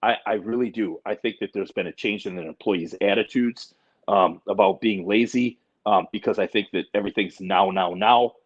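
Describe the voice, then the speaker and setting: A man in his forties talks in a casual podcast chat, blunt and emphatic, swearing freely. His voice is husky and a little breathy. The recording sounds dull and lo-fi. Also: lowish voice, moderate pace. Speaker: podcast co-host.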